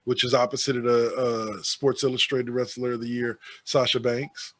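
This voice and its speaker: A man's voice: medium pitch, level tone, normal speed, slight background noise. A man co-hosting a casual podcast, reading out a list of awards and adding sarcastic, offhand asides. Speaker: podcast co-host.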